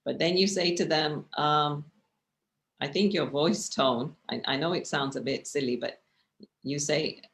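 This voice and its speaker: Woman teaching a meditation class, kinda gravelly voice, chatty, keeps asking "right?". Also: low voice, measured pace. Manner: conversational, often checks in with tag questions; expressive, gestures while speaking. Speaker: meditation teacher giving a talk. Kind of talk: casual teaching talk with slides.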